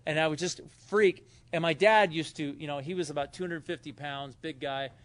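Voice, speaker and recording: A man's voice: a little high, normal speed. Rambling man telling his recovery story. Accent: Southern California. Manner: loose, rambling, acts out quotes loudly. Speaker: recovery meeting speaker. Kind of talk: personal story told to a meeting. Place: hotel meeting room.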